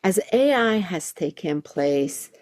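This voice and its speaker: A woman reverend hosting a solo podcast episode, telling a personal story in a soft, earnest way and laughing now and then. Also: on the low side, animated, takes it slowly. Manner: soft-spoken, earnest, laughs while recounting.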